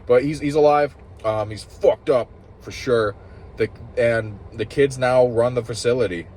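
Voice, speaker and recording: A man giving a rambling, frustrated review, swearing often and restarting his sentences while clearly upset. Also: mid-range voice, fairly even intonation, moderate pace, darkish tone, slight background noise. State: upset and agitated. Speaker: show reviewer. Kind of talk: ranting casual review.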